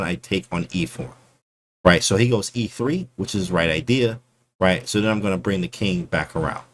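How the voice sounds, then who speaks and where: A man casually breaking down his chess game for his stream chat, slangy and animated, often calling people bro. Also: fairly low pitch, a little hiss or hum.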